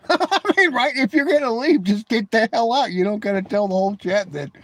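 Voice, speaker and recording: A man's voice: sits high, fairly quick, no echo. A man hosting a casual live stream, answering viewers in chat with mocking, teasing remarks, often laughing and repeating words as he starts a thought.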